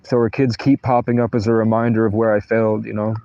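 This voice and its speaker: Low, flat-voiced man rambling on a livestream. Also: fast, lo-fi sound. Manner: meandering, profane, trails off mid-sentence. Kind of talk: rambling personal livestream monologue. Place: inside a tent during a thunderstorm.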